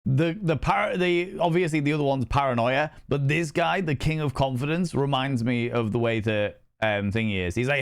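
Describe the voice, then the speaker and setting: A young man streaming a game, talking in an excitable, sweary, rambling way. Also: mid-range voice, brisk, gravelly, clean tone. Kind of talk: casual game commentary.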